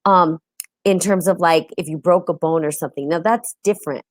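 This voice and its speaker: A woman with a lowish voice talks casually on a live stream, checking in with her listeners and greeting people mid-thought. The sound is close and dry, with no room around it. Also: fairly even intonation, brisk, no echo. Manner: chatty, often adds "right?" and greets viewers mid-talk. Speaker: host of a live-streamed spiritual talk show.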